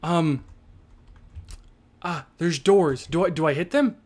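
A man co-hosting a video game let's play, chatting casually, rambling and jumpy, quick to panic. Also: on the high side, a little mellow. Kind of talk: casual gameplay chat.

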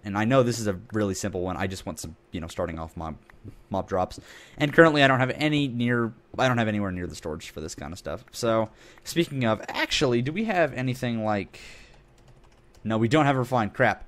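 A man's voice: on the low side, expressive, a little fast. A young man hosting a casual game video, rambling and joking as he corrects himself mid-sentence. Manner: rambling, self-correcting, jokey. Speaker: gaming channel host.

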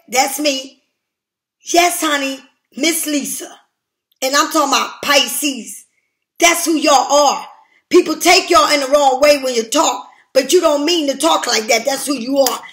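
A woman's voice: high voice, fairly bright tone. An older woman giving a tarot reading in a blunt, profane, emphatic way. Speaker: tarot reader. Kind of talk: casual tarot reading monologue.

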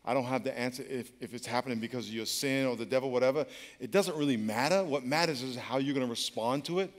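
A man's voice: medium pitch, fast talker. A man in his fifties preaching a sermon as a pastor, in a conversational storytelling way with humor. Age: 50s. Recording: long reverb of a large hall.

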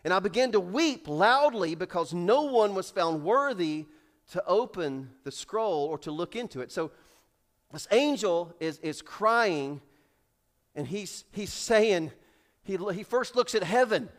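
High-voiced preacher, dramatic swings. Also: male voice, lively intonation, a little slow. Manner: preaches with rising, shouted dramatic build-ups and hushed drops; acts out characters in raised voices. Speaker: pastor. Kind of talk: sermon. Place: church sanctuary.

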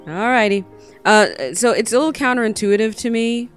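A woman's voice: fairly high pitch, normal speed, clear, resonant tone, soft background music. A woman hosting a casual let's play, chatting as she explores a game and squealing when she spots creatures. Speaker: gaming channel host.

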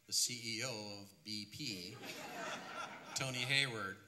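A man, a folk singer, introducing a song in relaxed, rambling stage patter on a concert stage for a live radio broadcast. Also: on the low side, slow, pauses often, background noise. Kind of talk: stage patter between songs.

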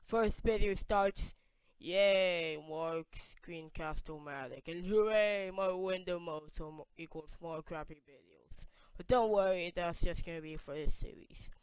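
Unhurried gamer commentary, excitable, loud yelps now and then, dry close sound. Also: mid-range voice, clear, resonant tone, no room sound. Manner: excitable, reads on-screen text aloud, sudden loud yelps. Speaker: let's play gamer. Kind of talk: casual gameplay commentary.

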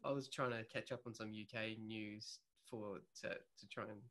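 A man's voice: on the low side, fairly even intonation, moderate pace, fairly bright tone. A man hosting a casual comedic chat, talking in a rambling way with plenty of fillers. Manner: rambling, full of fillers and laughter. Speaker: comedian and show host.

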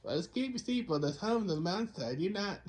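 A man's voice: high-pitched, animated, fast. A man putting on a theatrical mock Count Dracula voice while reading game text aloud. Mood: spooky.

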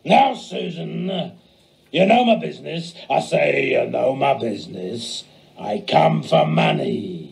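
A man playing a hard-hearted landlord uncle who chases rent in a cold, demanding tone. He speaks slowly and deliberately, like the villain of an old stage melodrama. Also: medium pitch, expressive, creaky, darkish tone, pitched below the performer's own voice, full character voice. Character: harsh grasping landlord uncle.

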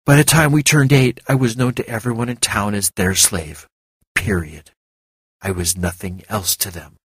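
A man voicing a hurt young woman who grew up a slave, talking low and guarded. His voice is husky and breathy, and the reading sits dry and close to the mic. It is a storybook voice for a heroine who keeps her pain held in. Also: steady tone, moderate pace, a bit bright, no echo. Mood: wounded. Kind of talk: audiobook character reading.

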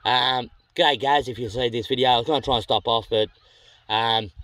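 A man's voice: medium pitch, steady tone, moderate pace, pushed and bright, dry recording. An Australian man casually telling a travel story to camera. He rambles and corrects himself as he goes, and he is blunt and sweary. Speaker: vlogger.

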